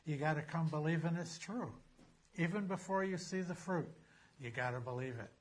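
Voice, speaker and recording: A man preaching a sermon as a pastor, emphatic, slowing down to read scripture aloud. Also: on the high side.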